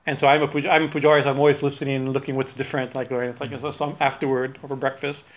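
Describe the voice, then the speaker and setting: A man's voice: medium pitch, flat delivery, very fast. Man, religious teacher, rambling, self-correcting, laughing, dull lo-fi recording. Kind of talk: informal religious talk.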